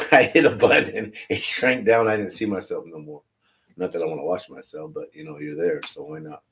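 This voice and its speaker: Deep-voiced man rambling candidly. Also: normal speed, fairly bright tone, slight background noise. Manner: candid, repetitive, restarts phrases. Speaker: online religious streamer. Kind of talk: rambling casual livestream talk.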